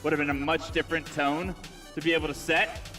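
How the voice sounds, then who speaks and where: A man's voice: on the high side, steady tone, brisk, sharp tone, soft background music. A man who analyzes esports on a live broadcast desk and gives confident, reasoned predictions.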